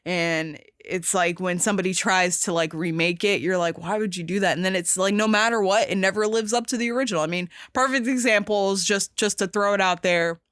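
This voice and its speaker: A woman's voice: mid-range voice, fairly quick, hardly any pauses, a bit bright, clean tone, no echo, clean studio sound. A woman hosting a podcast in casual chat, talking emphatically and gushingly with many fillers and restarts. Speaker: podcast host.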